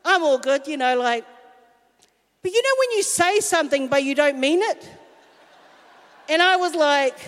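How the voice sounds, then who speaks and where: A woman's voice: sits high, expressive, normal speed, long pauses. A woman telling a candid, self-mocking personal story in a sermon. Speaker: speaker at a church talk. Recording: long hall reverb.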